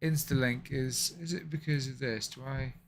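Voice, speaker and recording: A man's voice: medium pitch, fairly even intonation, moderate pace, slight background noise. Guy live streaming, mumbles and swears under his breath, then chats and says sorry to viewers. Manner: frustrated, swearing, muttering to himself; apologetic, chatty with viewers. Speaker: livestream host. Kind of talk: casual live stream chat.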